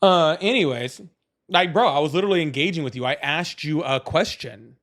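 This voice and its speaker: A young man runs a live political call-in stream in a fairly high voice. He rambles, swears freely and restarts his sentences as he talks over callers. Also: a little fast, a bit bright. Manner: loose and profane, many fillers and restarts. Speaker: livestream host. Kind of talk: casual livestream debate with callers.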